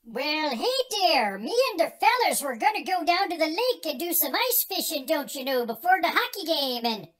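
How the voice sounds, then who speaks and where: A man doing a stoned party guest, high-pitched. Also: very animated, moderate pace, bright, forceful tone, full character voice. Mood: silly. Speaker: comedy sketch performer.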